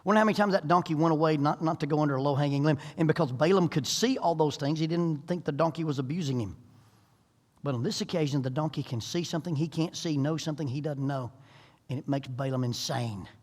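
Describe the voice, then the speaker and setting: A middle-aged preacher delivers a sermon with folksy humor and lively storytelling. His voice sits a touch high, and it rings with the long reverb of a church sanctuary. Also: fast talker. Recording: echoey church hall.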